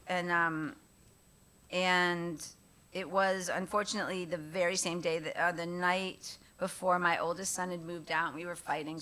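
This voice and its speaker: A middle-aged woman, a guest at a live Q&A, telling stories casually with frequent laughter and acted-out quotes. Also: on the low side. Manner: animated, laughing often, acts out quoted voices. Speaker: guest actress at a Q&A. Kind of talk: casual storytelling on stage.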